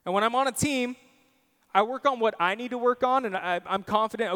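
A man's voice: very high-pitched, fairly quick, fairly bright tone, long reverb tail. A young man preaching a sermon, earnest and personal, telling stories on himself with self-deprecating asides. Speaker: pastor.

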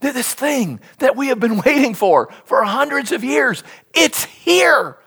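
A preacher telling a story in a sermon, with a husky voice that swings widely between low and high pitches. The delivery is animated and animated, stumbling over repeated words as it builds. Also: normal speed. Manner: animated storytelling with sudden hushed asides.

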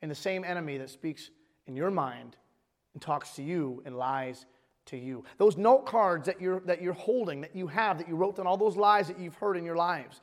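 High-voiced pastor preaching in a hall. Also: male voice. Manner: emphatic, restarts phrases, reads scripture aloud. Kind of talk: sermon.

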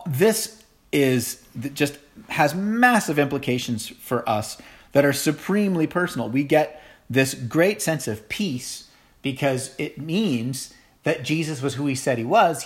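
Earnest pastor, storytelling sermon. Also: male voice, medium pitch, animated, unhurried. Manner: earnest storytelling with many fillers and restarts.

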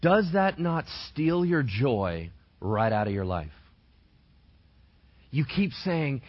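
Animated preaching man, lively pitch. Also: slow, long pauses. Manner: animated, conversational preaching with rhetorical questions. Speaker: pastor. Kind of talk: sermon. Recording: dull lo-fi dry recording.

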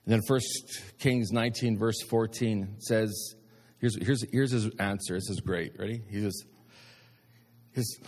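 A man's voice: lowish voice, steady tone, unhurried, darkish tone. A man preaching a sermon to his congregation, emphatic and direct, with repeated appeals to his listeners. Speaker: pastor. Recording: long hall reverb.

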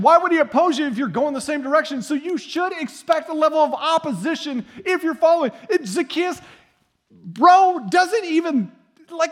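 Male pastor, high-pitched, conversational and animated sermon delivery. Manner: conversational, animated preaching with slang asides.

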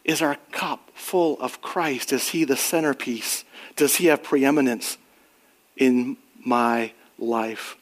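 A man's voice: mid-range voice, takes it slowly. A middle-aged man preaching a sermon in an earnest, conversational way, rising on emphatic questions and sharing personal stories. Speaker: pastor.

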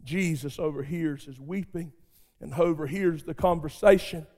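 A man's voice: a little high, moderate pace, dark tone. A man preaching a sermon in a church, telling the story dramatically and fervently in a colloquial way. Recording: long reverb of a large hall.

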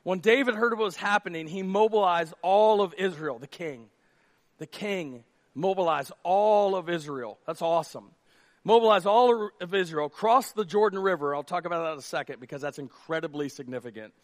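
Male pastor, high-pitched voice, conversational sermon delivery with hushed lows and shouted highs. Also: normal speed. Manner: conversational, drops to a hush for acted dialogue, then rises to near shouts. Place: church auditorium stage.

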